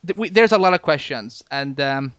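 A man hosting a podcast in casual chat, talking in halting bursts with lots of restarts and fillers. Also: on the high side, lively intonation, a bit bright, clear, resonant tone, dry recording, dull audio. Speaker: podcast host.

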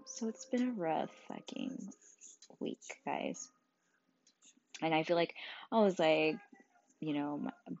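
A tired young mother talking candidly and emotionally, swearing often, speaking quietly as her child sleeps beside her. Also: low-pitched, no echo, lo-fi sound. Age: young adult. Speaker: mother vlogging about her sick child. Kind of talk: casual personal vlog.

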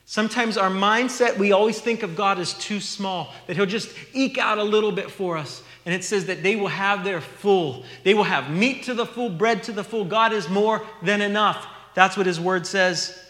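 High-voiced pastor preaching in a hall. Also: male voice, normal speed, hardly any pauses, fairly bright tone. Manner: earnest, teaching, reads scripture aloud. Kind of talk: sermon.

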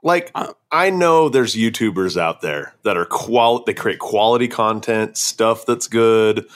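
Male co-host, fairly low voice, easygoing rambling, self-deprecating. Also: a little slow. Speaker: podcast co-host. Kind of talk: casual chat.

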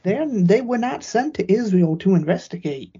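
A woman's voice: mid-range voice, animated, moderate pace, dark tone, slightly rough. A woman co-hosting a podcast, chatting casually about a movie with dry, short reactions. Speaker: podcast co-host. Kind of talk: casual movie recap chat. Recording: muffled lo-fi audio.

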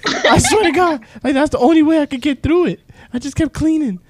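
A man voicing his frantic middle-aged mother, loud, high and breathless as she curses. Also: lively intonation, fairly quick, no echo. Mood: panicked.

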